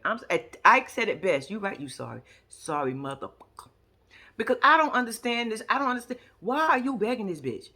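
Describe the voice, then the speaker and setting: A woman's voice: a little high, pushed and bright. A woman giving a casual reality show recap, blunt, profane and heated as she rants about the people on screen.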